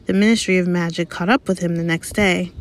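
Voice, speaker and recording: A woman's voice: fairly low pitch, steady tone, fairly quick, natural voice. A woman voicing a curious, gossipy middle-aged female innkeeper in an audiobook, eager and inquisitive.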